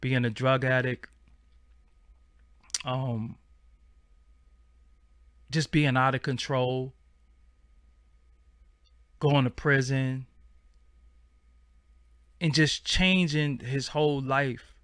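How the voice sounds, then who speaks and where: A man's voice: mid-range voice, steady tone, drawn-out words, pauses often, fairly bright tone, clean tone, no echo, clean studio sound. A man, hosting a casual livestream and chatting in a slangy, rambling way. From Brooklyn, New York. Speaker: channel host.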